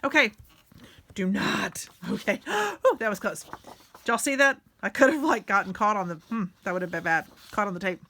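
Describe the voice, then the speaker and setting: Bright chatty woman crafting. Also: medium pitch, a little fast, a little hiss or hum. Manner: chatty, self-deprecating, talks while working. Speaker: craft tutorial host. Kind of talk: casual craft tutorial.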